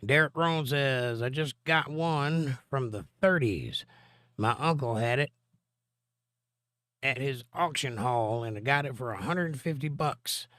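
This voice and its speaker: A man's voice: mid-range voice, a little slow, fairly bright tone, no room sound, clean studio sound. A man with laryngitis hosting a live stream, reading viewer comments aloud and answering them with long Bible explanations. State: hoarse from laryngitis. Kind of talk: casual live-stream chat and Bible teaching.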